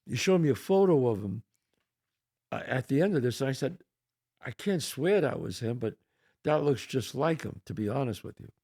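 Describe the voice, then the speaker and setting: An older man with a New York accent, hosting a podcast and telling a long story in a rambling, animated way, swearing now and then. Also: mid-range voice, normal speed, slightly rough, dry recording, studio quality. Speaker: podcast host. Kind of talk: casual storytelling.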